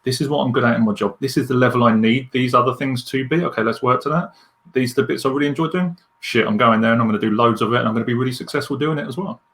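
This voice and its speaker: A man, talking as a leadership coach in a podcast interview. He is candid and animated as he tells stories. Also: medium pitch, very fast.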